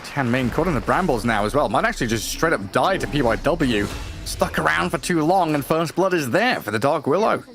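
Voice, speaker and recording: A man doing fast, lively play-by-play commentary on an esports match. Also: on the high side, over music. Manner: quick, lively play-by-play calls. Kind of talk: live game commentary.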